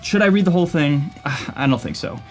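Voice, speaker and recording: A man's voice: on the high side, animated, a little fast, faint music behind. Hesitant man with many fillers. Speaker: YouTube host. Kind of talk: casual commentary.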